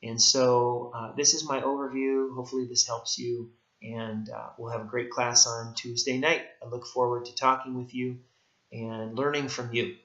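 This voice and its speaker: A man's voice: medium pitch, bright, forceful tone. A male writing instructor giving a recorded course lecture, emphatic and repeating his key points. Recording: echoey room, dull lo-fi sound.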